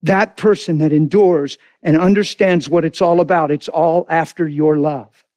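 A man preaching a sermon with great passion, swinging from loud outbursts to hushed, low lines. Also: fairly even intonation, moderate pace, no echo.

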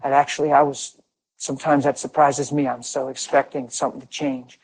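A man's voice: mid-range voice, level tone, a little fast, a little hiss or hum, poor audio. A middle-aged man from Pennsylvania giving a conversational sermon full of stories. He speaks emphatically and fires off rhetorical questions that he answers himself. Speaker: preacher.

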